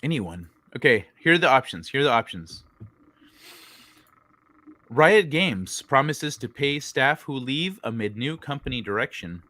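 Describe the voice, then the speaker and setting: A man's voice: medium pitch, lively intonation, unhurried, pushed and bright, dry recording. A man hosting a casual gaming live stream, rambling with lots of fillers and sometimes losing his train of thought. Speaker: host.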